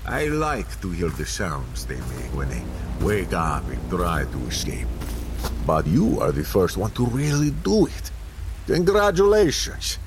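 Guy doing a creepy russian gravedigger, broken english, deep gravelly voice, rain noise behind. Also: huge pitch swings, measured pace, music in the background, full character voice. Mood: mocking. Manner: broken English, mocking and cold. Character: menacing Russian male gravedigger smoking under a tree.

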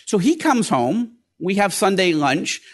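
A middle-aged man hosting a podcast, telling a personal story in a lively, animated way and acting out the quoted voices. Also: unhurried. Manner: animated, acts out quoted voices with rising pitch. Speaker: podcast host.

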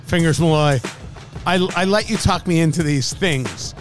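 A man's voice: a little high, normal speed, soft background music. A man hosting a food and drink talk show, joking and teasing his co-host in casual banter.

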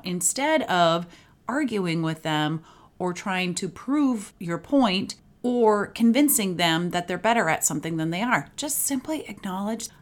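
A woman's voice: medium pitch, lively intonation, normal speed. A woman, a parenting coach, hosting a solo podcast in an upbeat, matter-of-fact coaching tone.

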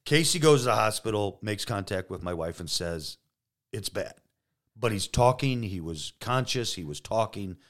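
Man, middle-aged, low voice, casual profane storytelling, podcast guest. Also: normal speed. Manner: profane, animated storyteller, acts out quotes. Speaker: podcast guest, police detective.

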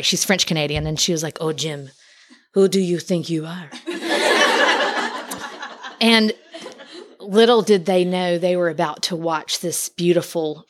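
A woman in her thirties, a podcast guest, telling a personal faith story with animated, laughing delivery and acted-out quotes. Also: on the low side. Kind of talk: personal testimony.

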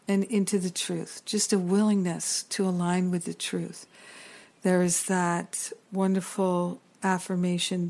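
Middle-aged female spiritual teacher; warm, dark tone, earnest and reflective, stacks up long lists. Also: medium pitch.

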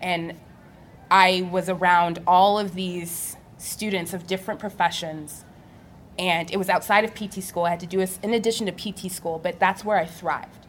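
Young woman talking on a panel, animated, laughs a lot, a bit of background noise. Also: on the low side, moderate pace. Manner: animated storytelling, laughing often. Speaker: physical therapist on a panel. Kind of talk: live panel talk.

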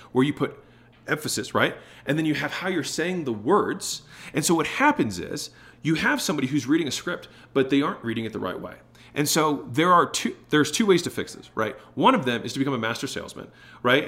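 A man's voice: medium pitch, fairly bright tone. Man coaching on sales tone. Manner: shifts tone and pace to demonstrate emphasis; frequent "right?" tag questions. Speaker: podcast host. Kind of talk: solo business talk to camera.

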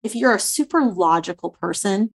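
A woman's voice: mid-range voice, animated, normal speed. A woman hosting an interview show, chatty and enthusiastic, affirming her guest. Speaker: show host. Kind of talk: casual interview chat.

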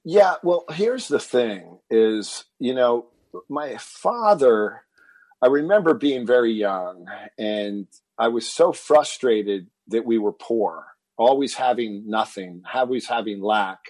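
Husky-voiced man telling a story. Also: medium pitch, slow, no room sound, poor audio. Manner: animated, acts out quoted family dialogue. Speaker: podcast guest. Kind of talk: personal storytelling in an interview.

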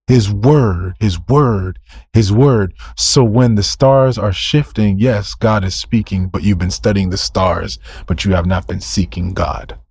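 Male preacher, sermon, slow deliberate pace, rhetorical questions, repeats phrases, dry close sound. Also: on the low side, darkish tone, slightly rough, dry recording. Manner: emphatic, fires rhetorical questions and answers them himself, repeats key phrases.

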